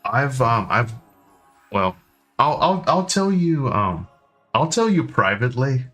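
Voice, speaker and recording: A man's voice: mid-range voice, very animated, slow pace, a bit bright. Chatty man streaming with faint music. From United States. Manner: rambling, hesitant, many ums and restarts. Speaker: game streamer chatting with viewers. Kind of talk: casual live-stream chat.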